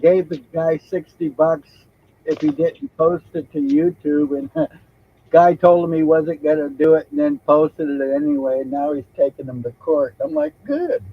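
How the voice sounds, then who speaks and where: A man's voice: fairly high pitch, very animated, normal speed, creaky, slightly rough. A man hosting a casual podcast chat, telling a story in a rambling way, swearing casually and laughing easily. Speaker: host. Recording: dull lo-fi recording.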